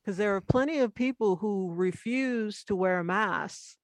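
A woman's voice: medium pitch, unhurried, dry recording. Pointed, argumentative woman, dry sound. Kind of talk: casual panel discussion.

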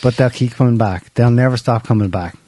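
A man's voice: mid-range voice, fairly quick, warm tone. A man hosting a casual political chat, wry and sarcastic, laughing at his own points. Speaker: podcast host.

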